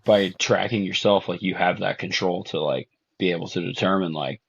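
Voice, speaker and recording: A man hosts a relaxed podcast chat and asks loose, filler-heavy questions. His voice is low and husky. The recording sounds dull and lo-fi. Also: normal speed. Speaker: podcast host. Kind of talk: casual podcast interview.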